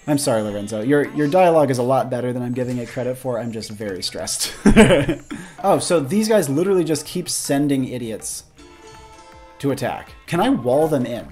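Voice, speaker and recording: A young man hosting a let's-play, commentating excitedly, swearing and exclaiming as he plays. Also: mid-range voice, normal speed, faint music behind. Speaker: gaming video host.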